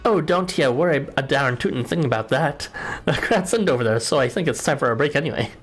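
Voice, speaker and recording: A man's voice: medium pitch, animated, a little fast, a bit bright, breathy edge, soft background music. A man voicing a cheerful male farmer with a put-on Texas country drawl, folksy and hearty.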